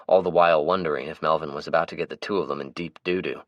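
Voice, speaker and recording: Deep male narrator, steady audiobook reading, dry close sound. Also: fast, dry recording. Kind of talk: scripted narration.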